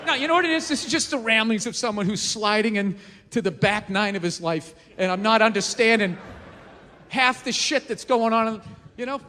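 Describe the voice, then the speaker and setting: On a large theater stage, a stand-up comedian in his forties rants in a profane, incredulous way during a live set. His voice is high-pitched and sharp, moving at a normal speed. The live theater recording carries long reverb along with crowd sounds and noise.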